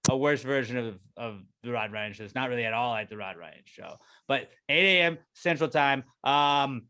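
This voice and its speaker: A man's voice: mid-range voice, expressive, normal speed, bright, forceful tone, clear, resonant tone. An American man hosting a podcast, chatting loosely and plugging the show. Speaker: podcast host. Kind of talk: casual chat.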